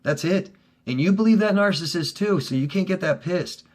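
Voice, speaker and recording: At normal speed, this middle-aged relationship coach speaks casually and directly to viewers, heated and swearing. Loud outbursts alternate with low, quiet stretches.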